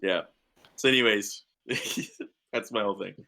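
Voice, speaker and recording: A man chatting as a player in a tabletop game, excitable and often repeating himself. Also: fairly low pitch, a little slow, vocal fry. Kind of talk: tabletop role-play chat.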